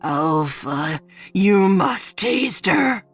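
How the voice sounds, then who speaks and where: A woman voicing a hungry male wolf creature with a raspy, hissing voice, drawn out slow and deep. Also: animated, faint music behind, exaggerated voice. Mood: growling hungry.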